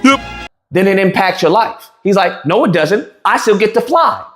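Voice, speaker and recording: A man's voice: high voice, expressive, moderate pace, soft background music. A man casually retelling a heated argument, acting out the quoted lines with frequent restarts. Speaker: streamer telling a story. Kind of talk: casual storytelling rant. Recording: echoey room.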